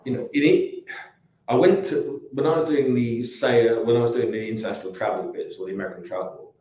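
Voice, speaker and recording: In a very echoey room, a man in his sixties from England, a company founder, tells rambling anecdotes in a casual interview, full of restarts and asides. He speaks with an English accent in a mid-range, mellow voice at a fairly quick pace.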